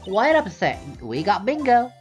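Brief: a man putting on a brash Southern woman, folksy drawl, bouncy lively pitch, faint game music behind. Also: moderate pace, dull audio. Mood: excited. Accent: put-on Southern US. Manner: folksy, sassy, loud.

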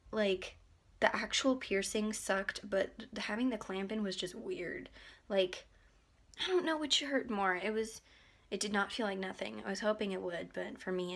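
A woman's voice: mid-range voice, fairly bright tone. A teenage girl vlogging in casual chat, rambling and giggling with lots of likes and ums, keeping her face still as she talks. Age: teens.

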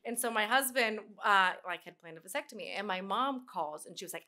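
A woman in her thirties, a sports broadcaster, chatting as a podcast guest and telling lively stories. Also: medium pitch, quick pace. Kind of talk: casual chat.

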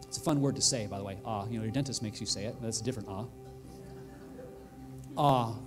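A male pastor preaching a sermon in a church, earnest and heartfelt, building to excited emphasis. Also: fairly low pitch, quick pace, music in the background. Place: church sanctuary.

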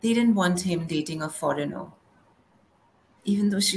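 A middle-aged woman performing a spoken word poem in a slow, measured recitation. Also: on the low side, a little mellow, slight background noise, low-quality recording. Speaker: poet.

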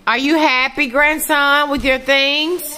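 A woman's voice: high voice, little pitch movement, slow pace, pushed and bright. An older woman, a grandmother chatting animatedly and teasing her family in a casual home vlog. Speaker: vlogger and grandmother.

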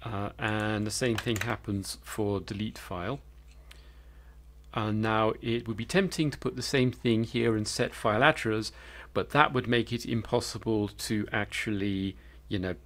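A man's voice: on the low side, fairly even intonation, a little slow, fairly bright tone. A man giving live coding commentary as a programmer, thinking aloud and hesitating with fillers.

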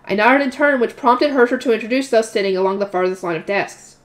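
In a slightly high voice, a fast-talking woman reads from a light novel. She stops now and then for casual, chatty asides, laughing at herself along the way.

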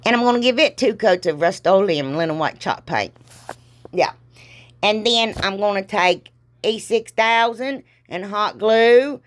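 A woman's voice: mid-range voice, fairly bright tone. A middle-aged woman with a Southern accent, congested from allergies, rambling through a crafting tutorial with folksy exclamations and self-deprecating jokes. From Ohio, US. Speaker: crafting vlogger. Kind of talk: casual crafting tutorial chat.

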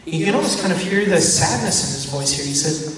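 A priest giving a teaching talk, animated and acting out the voices of the people in his story. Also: fairly high pitch, a little fast, crowd noise. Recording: echoey church hall from far off.

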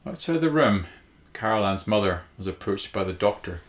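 A man narrating a short story in a measured, even storytelling manner. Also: lowish voice. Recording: roomy echo.

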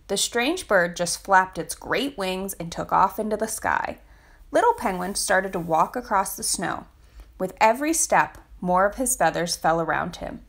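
A woman reading a children's picture book aloud for a family literacy storytime, expressive and lilting. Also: medium pitch, measured pace.

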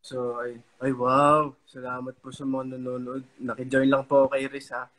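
A young man, a guest on a phone live stream, talking in a relaxed way and laughing easily. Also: mid-range voice, normal speed. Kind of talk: casual chat.

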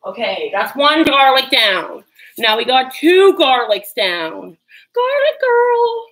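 A woman's voice: on the high side, sing-song, slow pace, a bit bright, rough recording. A woman chatting casually on a livestream while she cooks in her home kitchen, nervous and self-deprecating, with sudden yelps. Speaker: livestream cooking host.

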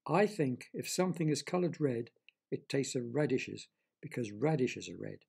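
A cheeky young boy argues in a plain, stubborn way in a children's audio story, as a man puts him on. The voice is gravelly and husky, only lightly changed from the reader's own. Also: medium pitch, animated, moderate pace, darkish tone.

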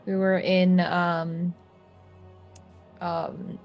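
A woman's voice: fairly low pitch, level tone, very slow, lo-fi sound, soft background music. A woman playing in a tabletop game, chatting casually and hesitating as she searches her memory. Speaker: player.

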